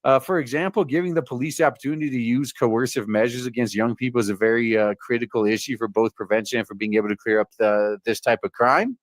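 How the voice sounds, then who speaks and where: A man hosts a casual commentary show, reading articles aloud with frequent "uh"s and dry sarcastic remarks. His voice sits at a middling pitch. The sound is dry and close, with no room echo. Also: fairly even intonation, fast talker, hardly any pauses. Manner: reads aloud with many "uh" fillers and sarcastic asides. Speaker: host reading news stories.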